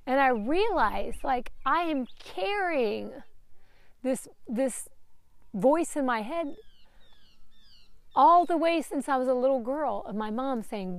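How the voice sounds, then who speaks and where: Woman, late thirties, fairly high voice, dry close sound, candid and emotional, swears freely. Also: animated, slow pace, vocal fry, pauses often, dry recording. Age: 30s. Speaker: podcast host. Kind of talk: candid personal monologue.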